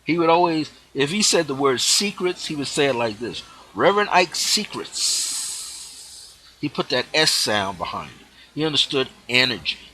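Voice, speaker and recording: Brief: male host of a spiritual show, reflective, bright tone, husky. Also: mid-range voice, lively intonation, fairly quick, low-quality recording. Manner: reflective, lets phrase endings drop off softly. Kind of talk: spiritual teaching talk.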